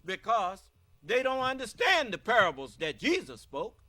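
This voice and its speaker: A man's voice: high-pitched, big pitch swings, normal speed, bright, forceful tone. An American man preaching a scripture-teaching sermon, emphatic and quizzing his listeners with questions.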